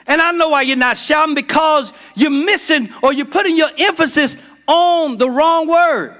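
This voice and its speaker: High, bright-voiced preaching pastor. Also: male voice, normal speed, some chatter behind. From Georgia, United States. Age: middle-aged. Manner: preaching in call-and-response, building to shouts. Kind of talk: sermon.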